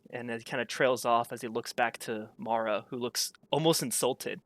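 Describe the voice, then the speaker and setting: A man's voice: mid-range voice, steady tone, moderate pace, few pauses, fairly bright tone, no echo, faint music behind. A man narrating a tabletop game as game master, in a loose, casual way full of hedges like "kinda". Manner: casual, full of fillers and restarts.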